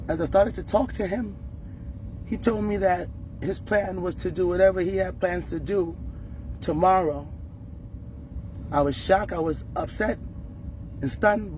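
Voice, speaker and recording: A woman's voice: lowish voice, background noise. A woman speaking as a mother in an emotional, urgent direct-to-camera appeal, distressed and rising in anger.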